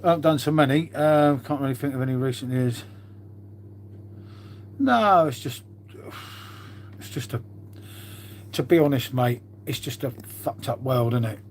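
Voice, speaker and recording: A middle-aged man speaks unhurriedly, pausing often, in a medium-pitched voice with a slight hiss or hum. Easygoing, he rambles to his live-stream viewers, calling everyone mate and pondering aloud while he tidies up.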